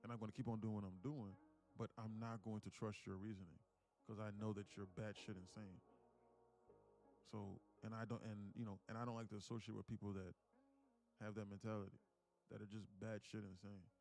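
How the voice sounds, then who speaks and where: A man's voice: on the low side, little pitch movement, a little fast, creaky, a little mellow, soft background music. A man hosting a casual live trading stream, rambling and acting out mock dialogues.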